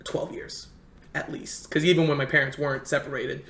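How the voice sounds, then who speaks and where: A young man in casual chat, telling a long story in an animated way and acting out what others said. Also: a little high, vocal fry. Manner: animated, fast storyteller who acts out quotes. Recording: roomy echo.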